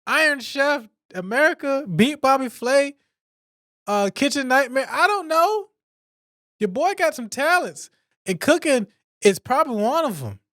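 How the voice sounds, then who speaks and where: A man hosting a casual solo podcast, chatting in a jokey, animated way and answering his own questions. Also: very high-pitched, moderate pace, no room sound, studio quality. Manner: animated, jokey, talks to himself. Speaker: podcast host.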